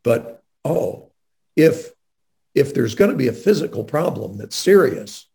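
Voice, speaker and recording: A man's voice: mid-range voice, sing-song, measured pace, gravelly, mellow. A man interviewing a guest in a faith-based conversation, speaking in an earnest, emphatic way.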